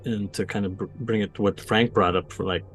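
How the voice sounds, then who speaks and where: Animated man retelling TV scenes. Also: on the low side, brisk. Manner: animated, acts out quoted lines while retelling scenes. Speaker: podcast co-host. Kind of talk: casual fan discussion.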